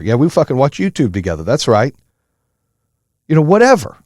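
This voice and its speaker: A man hosting a podcast, giving an intense, profane motivational monologue in a high-strung, high-energy way. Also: wildly swooping pitch, a little fast, pauses often, darkish tone, no room sound, studio quality. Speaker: podcast host.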